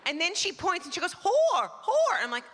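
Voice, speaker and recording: In a high-pitched, animated, rapid-fire voice, a middle-aged Canadian comedian acts out characters during a chatty, self-deprecating stand-up set on a performing arts center stage. Her stage microphone picks up background noise and the live theater's long reverb.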